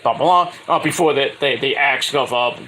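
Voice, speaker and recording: A man's voice: medium pitch, moderate pace, pushed and bright, slight background noise, poor audio. A young man giving a crude, jokey, casual recap of a wrestling show, with loose play-by-play full of fillers.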